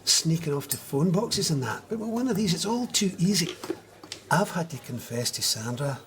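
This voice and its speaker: A man's voice: fairly high pitch, big pitch swings, moderate pace, noisy background. A middle-aged man in a scripted sitcom, confessing in a theatrical way.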